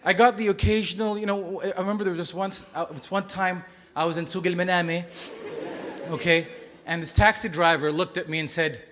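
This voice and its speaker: Guy from bahrain doing stand-up, high bright voice, animated, bursts out loud, faint hiss behind. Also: fairly quick. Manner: animated storytelling, sudden loud outbursts, acted-out voices. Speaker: stand-up comedian. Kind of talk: stand-up comedy set. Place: comedy stage before a live audience.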